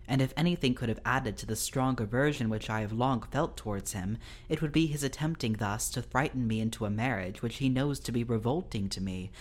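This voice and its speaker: A man's voice: medium pitch, natural voice. A man reading the lines of a young noblewoman in a Victorian story who answers her guardian formally and firmly. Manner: hesitant then firm, formal. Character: young noblewoman, timid but firm.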